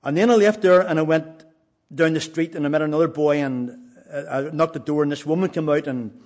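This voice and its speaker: A man's voice: a little high, darkish tone. Earnest man telling a story. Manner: plain, earnest, halting with restarts. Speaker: evangelist. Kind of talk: personal testimony storytelling.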